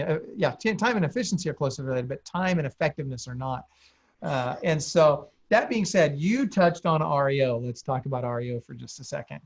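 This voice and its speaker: A man's voice: on the high side, muffled recording. A man hosting a casual interview, engaged and asking his guest follow-up questions. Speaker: podcast host.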